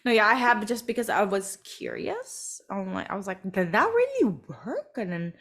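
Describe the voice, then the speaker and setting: A woman's voice: medium pitch, normal speed, fairly bright tone. A woman co-hosting a podcast, from Macau, chatting casually with lots of fillers and laughs. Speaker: podcast co-host. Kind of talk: casual chat.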